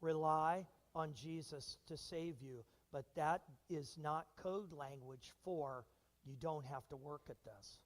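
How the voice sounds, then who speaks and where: A man preaching a sermon as pastor, animated and engaging his congregation with questions and acted-out quotes. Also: fairly high pitch, slow pace, big-room sound. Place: church sanctuary.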